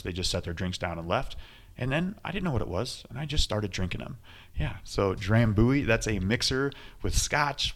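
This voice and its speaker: A man hosting a podcast interview, chatty and joking, trading his own stories with his guest. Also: lowish voice. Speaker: podcast host.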